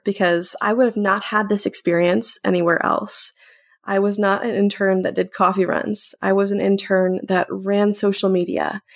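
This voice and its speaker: A young woman talks casually and from the heart as a podcast host, sounding grateful and a little emotional. Her voice sits at a middle pitch with a noticeable gravelly fry. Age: young adult. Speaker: intern hosting a weekly podcast segment. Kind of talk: casual personal talk to camera.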